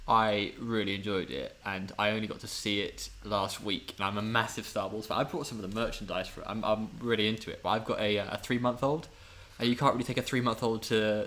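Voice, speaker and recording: Chatty man with a halting ramble. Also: lowish voice, steady tone, fairly bright tone. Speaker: podcast co-host. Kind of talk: casual chat.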